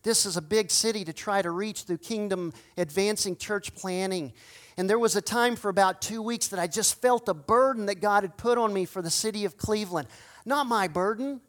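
A man preaching a sermon as pastor, swinging between loud impassioned cries and hushed pleading. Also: high-pitched.

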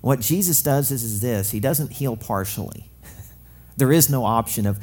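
Male pastor, young adult, husky voice, animated joking sermon delivery. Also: mid-range voice, unhurried. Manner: lively, joking preacher acting out quotes.

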